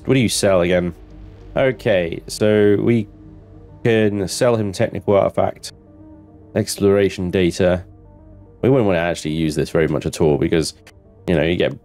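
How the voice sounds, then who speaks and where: Chatty man with a low voice. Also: darkish tone. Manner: chatty, laughs often, reads game text aloud. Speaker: gamer streaming his play. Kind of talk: casual gameplay commentary.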